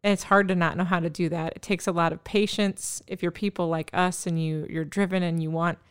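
Expressive woman with a smooth, dry voice. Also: fairly low pitch, fairly quick, no room sound. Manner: expressive, laughs easily. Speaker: podcast co-host. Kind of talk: casual chat.

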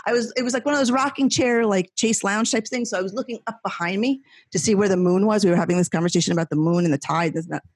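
Middle-aged woman, guest, husky voice, dry close sound, animated rambling storyteller. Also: medium pitch, quick pace, hardly any pauses, no echo. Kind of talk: casual chat.

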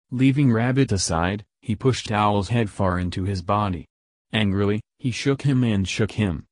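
Male podcast host, scripted narration, low voice, dry close sound. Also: no echo. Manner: even, informative reading.

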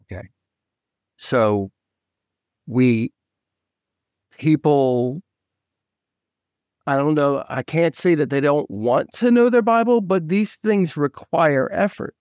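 A man with a somewhat high voice talks eagerly as a guest author, jumping between thoughts and restarting his sentences. The sound is dry and close, with no room around it. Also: lively intonation, takes it slowly, pauses often, darkish tone, no room sound. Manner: eager, scattered, full of restarts. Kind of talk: casual faith talk.

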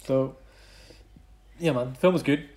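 A man co-hosting a casual podcast chat, animated, swinging between loud bursts and quieter asides. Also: medium pitch, slow. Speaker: podcast co-host.

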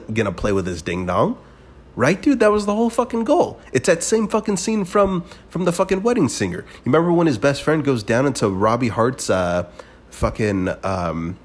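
A man hosting a podcast, telling a rambling, profane story in a casual solo monologue with sudden bursts of excitement. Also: fairly low pitch, breathy edge. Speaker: podcast host.

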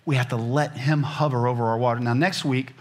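A middle-aged man preaching a sermon in a conversational, animated way, swinging from loud excited asides to soft, almost whispered lines. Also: mid-range voice, a little fast. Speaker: pastor.

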